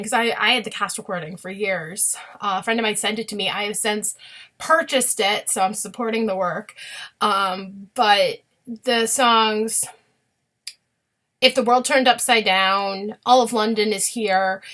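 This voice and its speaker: A woman's voice: mid-range voice, a bit bright. A young woman vlogger chatting casually about a musical, gushing and chatty with many fillers. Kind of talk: casual chat.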